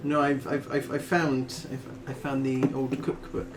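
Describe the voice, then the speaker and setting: A man playing a tabletop game, speaking in a hesitant, halting way with many restarts. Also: medium pitch, little pitch movement, noisy background. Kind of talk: in-character tabletop banter.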